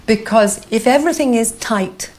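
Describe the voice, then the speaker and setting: A woman teaching singing, explaining breathing in a lively, instructive way. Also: a little high, moderate pace. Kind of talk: vocal lesson.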